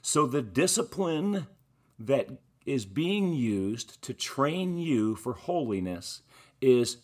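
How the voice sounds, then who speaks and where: Male pastor, middle-aged, unhurried sermon delivery, conversational with emphatic key words. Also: mid-range voice, very animated, a little mellow.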